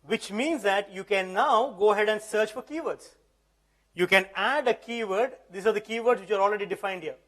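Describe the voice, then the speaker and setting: High-voiced man giving a live demo. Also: moderate pace, a bit bright. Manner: conversational, keeps checking the audience understands. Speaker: presenter. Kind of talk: live tech demo talk. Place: event hall.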